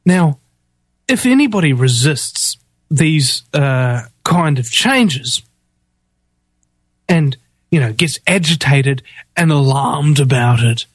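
A man's voice: on the high side, lively intonation, slow, long pauses, breathy edge, no room sound. A man hosting a talk show, ranting in heated, indignant commentary full of rhetorical questions and fillers. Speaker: host of a political talk show.

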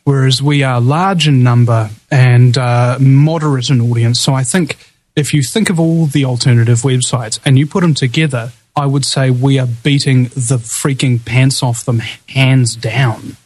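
A man with a New Zealand accent hosts a live talk radio show. He speaks at an ordinary pitch and rambles, stopping and restarting with plenty of fillers. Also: steady tone, moderate pace, darkish tone, poor audio. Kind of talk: casual talk radio interview.

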